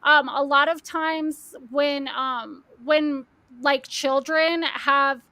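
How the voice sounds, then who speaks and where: A woman's voice: high-pitched, steady tone, extremely slow, pushed and bright, no echo. A woman hosting a stream, rambling profanely in casual chat on a desk mic. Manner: rambling, profane, full of fillers. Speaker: streamer host.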